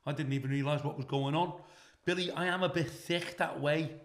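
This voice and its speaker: A man's voice: on the high side, a little fast. A middle-aged man with a Scouse accent, a comedian telling stories in casual chat and swearing freely. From Liverpool, England. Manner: swears freely, animated when quoting others. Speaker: guest comedian.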